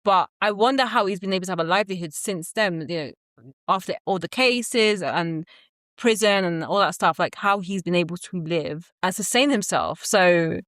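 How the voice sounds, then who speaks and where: A woman co-hosting a podcast in casual chat, talkative and quick to laugh, often restarting her sentences. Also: on the low side, fairly bright tone, no room sound, studio quality. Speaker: podcast co-host.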